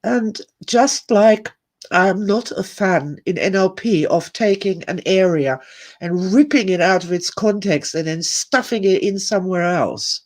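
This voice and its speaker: A woman's voice: mid-range voice, darkish tone. Woman, summit speaker, heartfelt anecdote-teller who drifts into asides and swears now and then. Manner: emotional, candid, digressive, with sighs and laughs. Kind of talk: personal storytelling talk.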